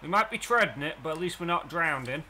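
A young man commenting live on the baseball game he is playing, excitable and often breaking into shouts. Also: on the high side, fast, a little hiss or hum. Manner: excitable, swings into shouting at plays. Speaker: let's play gamer.

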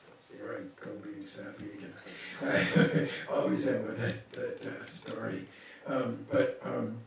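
A man giving a seminar lecture, telling a case story and voicing the people in it with hesitant restarts. His voice sits at an ordinary pitch for a man. It comes from a distance in a very echoey hall over a faint hiss. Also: unhurried, gravelly. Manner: lively storyteller who acts out the people he quotes. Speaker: psychologist leading a seminar.

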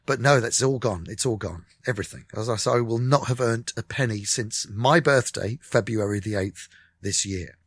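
A middle-aged musician appears as a guest in a radio interview, telling candid stories and acting out the conversations in an animated way. His voice is husky and on the low side, at normal speed, recorded in a clean studio with no room sound.

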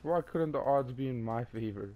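A man's voice: mid-range voice, moderate pace, phone-quality sound, slight background noise. A young man swearing in frustration as he comments on his own shooter gameplay. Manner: profane, exasperated, yelling in frustration. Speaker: gaming YouTuber. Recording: game gunfire behind voice.

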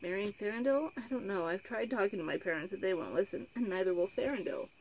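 A woman's voice: mid-range voice, expressive, fast talker, close to an everyday voice, rough recording. A woman reading a stubborn young princess. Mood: glum. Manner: cross, impatient.

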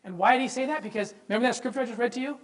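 A man giving an impassioned lecture on religious history. He speaks emphatically, asks the audience rhetorical questions and repeats words when he gets excited. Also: very high-pitched, rapid-fire, low-quality recording. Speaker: presenter.

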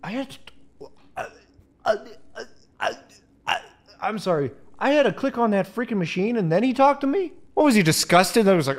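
A young man giving excitable, swear-filled let's play commentary on a horror game, yelping and shouting at scares. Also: sits high, normal speed. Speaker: gamer.

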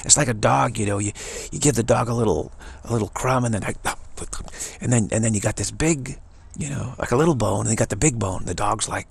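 Man, rambling spiritual monologue, husky, gravelly fry, halting restarts. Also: lowish voice. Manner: halting, many restarts, mock voices for others. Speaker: spiritual commentator.

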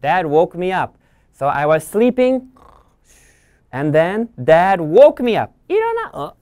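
A woman English teacher reading a picture book aloud for children, animated and full of gasps as she explains each line. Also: fairly low pitch, slow, no room sound, studio quality. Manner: animated, gasping, bilingual explaining.

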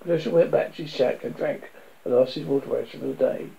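A man narrating a dramatic story in a steady storytelling manner. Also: medium pitch, quick pace, creaky, muffled recording. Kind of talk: scripted audiobook narration.

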